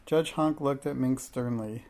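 A man's voice: mid-range voice, a little slow. A man reading a children's storybook aloud, giving the characters light voices. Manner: gentle, reads children's dialogue with light voices. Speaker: narrator.

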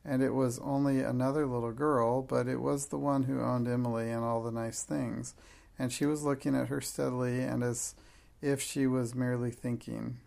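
A man narrating a storybook aloud in a measured, even way. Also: medium pitch, gravelly. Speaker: audiobook narrator.

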